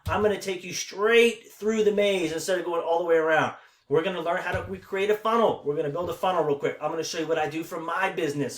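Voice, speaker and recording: A man giving a casual screen-share tutorial as an online marketing coach, energetic and often checking in with "right?" and "okay?". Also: on the high side, roomy sound.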